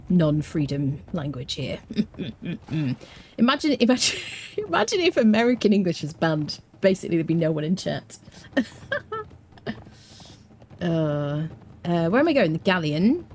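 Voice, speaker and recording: Lively Scottish woman streaming a game. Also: lowish voice, a little slow, long pauses, slight background noise. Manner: playful, chatty, hums and chats to viewers; clear careful enunciation. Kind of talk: casual live-stream gameplay commentary.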